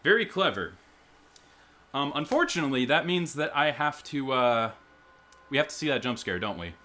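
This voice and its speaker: A man's voice: mid-range voice, sing-song, moderate pace, bright, forceful tone. Nervous young man playing a horror game. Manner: nervous, rambling, talks to himself. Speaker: gaming YouTuber. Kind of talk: horror game let's play commentary. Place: home, in front of a big TV.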